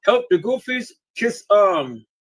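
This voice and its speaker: A high-voiced man with a husky edge hosts a relaxed live stream. His pitch swings all over the place as he jokes and laughs, and he takes his time with every line. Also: takes it slowly, rough recording. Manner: laughs often, joking animated storytelling. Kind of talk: casual live-stream chat. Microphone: home streaming setup.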